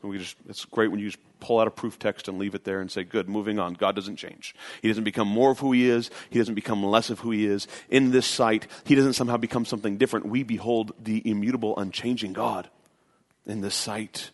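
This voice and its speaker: A man's voice: lowish voice, steady tone, fast. A man preaching a sermon as pastor, earnest and emphatic, often repeating phrases for stress.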